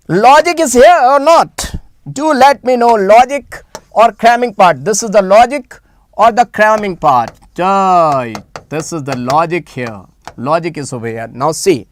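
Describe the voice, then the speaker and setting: A high-pitched man teaches a live online chemistry class. He's animated, repeating phrases as he coaxes students to answer in the chat.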